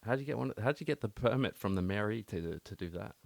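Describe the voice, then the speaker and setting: A man's voice: lowish voice, animated, quick pace, gravelly, no echo. A man co-hosting a casual philosophy podcast, asking thoughtful questions and reading poetry aloud. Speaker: podcast co-host.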